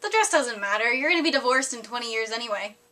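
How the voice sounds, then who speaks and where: A young woman putting on a doting grandmother in her seventies or eighties, soft and a touch lower than a bright voice would sit. She talks in a gentle, sugary way, then lands crude remarks without changing her tone. The voice stays fairly high and clear throughout. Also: expressive, fast talker. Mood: sweetly blunt. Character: elderly grandmother, sweet-voiced but bluntly crude.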